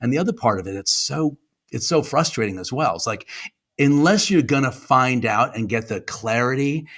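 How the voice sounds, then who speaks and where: Middle-aged male podcast guest, middle pitch, rambling and jokey, pokes fun at himself. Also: expressive, normal speed, a bit bright. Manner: rambling, joking, self-deprecating. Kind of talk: casual chat.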